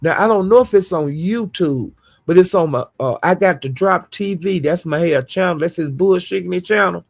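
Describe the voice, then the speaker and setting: Gravelly, husky woman vlogger dishing gossip. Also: fairly low pitch, normal speed. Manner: blunt, profane and indignant, addresses viewers directly. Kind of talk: casual gossip commentary.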